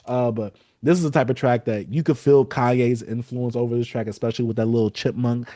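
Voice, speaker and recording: A man reviewing an album in a relaxed podcast chat, his voice mellow and low-key. He quotes lines and plays out his own reactions as he goes. The sound is close and dry, with no room around it. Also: brisk, dry recording. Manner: animated, quotes lyrics and acts out reactions. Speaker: podcast co-host.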